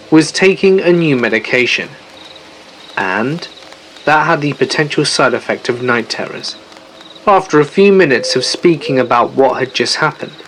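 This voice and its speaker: A man narrating a first-person campfire horror story with a mid-pitched, even voice. His delivery is steady and measured, and faint music plays quietly underneath. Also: rough recording.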